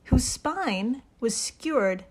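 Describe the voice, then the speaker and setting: A woman co-hosting a podcast, calmly walking her co-host through a prepared story and laughing readily. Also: a little high, slow, husky. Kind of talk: casual chat, telling a prepared story.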